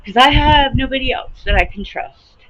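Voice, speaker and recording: A woman in her late fifties venting to her camera in a casual, animated rant, swearing and laughing often. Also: sits high, normal speed. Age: 50s. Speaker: vlogger. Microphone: camera mic. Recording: slightly muffled with faint background hiss.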